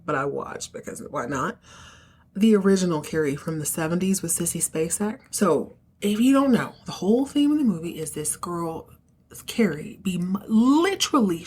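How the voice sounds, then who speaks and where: A woman hosting a podcast, casually recapping a TV episode and acting out the characters' lines with slangy, animated asides. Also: medium pitch, slightly rough. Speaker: podcast host recapping a TV show. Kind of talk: casual recap with acted-out dialogue.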